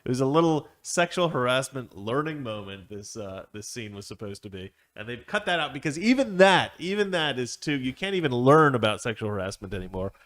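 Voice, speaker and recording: A man's voice: mid-range voice, big pitch swings, a little fast, hardly any pauses, a bit bright. Sarcastic man hosting commentary. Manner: sarcastic, laughing, digressive. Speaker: commentary host. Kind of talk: opinion commentary.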